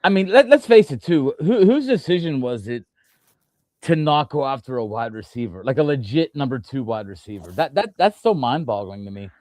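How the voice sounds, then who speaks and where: A man's voice: medium pitch, big pitch swings, moderate pace, darkish tone, dry recording. A man hosting a casual sports talk show, rambling through his points with frequent restarts and fillers. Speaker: podcast host.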